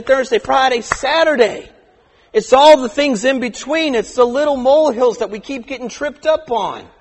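A man preaching a sermon with passion, often slowing into quiet, deliberate emphasis. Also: extremely high pitch. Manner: impassioned, drops to slow quiet emphasis. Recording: echoey hall.

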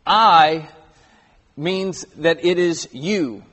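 A man's voice: fairly high pitch, drawn-out words, a bit bright. A man in his thirties preaching a sermon in a church auditorium, earnest and stressing key words. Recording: long hall reverb.

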